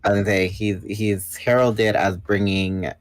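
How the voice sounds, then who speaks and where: A man's voice: on the low side, little pitch movement, moderate pace, no echo, rough recording. A man in his twenties, chatting casually and bluntly as a guest on a livestream. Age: 20s. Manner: blunt, self-assured talker. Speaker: podcast guest.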